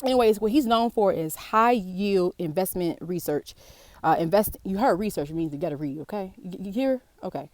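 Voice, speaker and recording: A woman's voice: mid-range voice, animated, moderate pace, a little mellow, dry recording. A woman from the South Side of Chicago with a Chicago accent, reading and commenting outdoors in a casual, slangy way, often exclaiming in disbelief. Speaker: personal finance vlogger. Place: outdoors in the heat.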